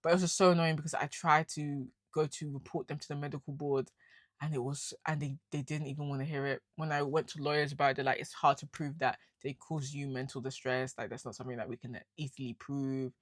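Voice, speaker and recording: A young woman from the UK telling her own story to camera in casual slang, dropping to weary murmurs and rising to loud, indignant rants. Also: very deep voice, little pitch movement, fast talker, no echo. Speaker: vlogger. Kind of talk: candid personal storytelling to camera.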